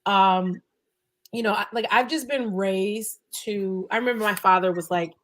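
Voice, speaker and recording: This is a woman appearing as a guest on a podcast. Her voice sits at a middling pitch for a woman. She talks in a casual, chatty way, filling her sentences with "like" and "you know". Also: moderate pace, fairly bright tone.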